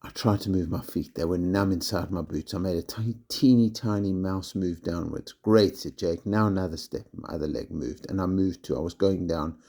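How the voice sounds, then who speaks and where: A man, a primary school teacher, reading a children's storybook aloud in steady first-person narration. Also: low-pitched, normal speed, creaky, few pauses, breathy edge.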